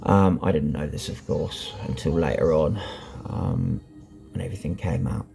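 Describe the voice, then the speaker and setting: A man's voice: low-pitched, steady tone, moderate pace, gravelly, dark tone, soft background music. A man vlogging candidly about his life, talking bluntly and rambling with lots of ums and you-knows. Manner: blunt and frank, swears. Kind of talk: candid personal vlog.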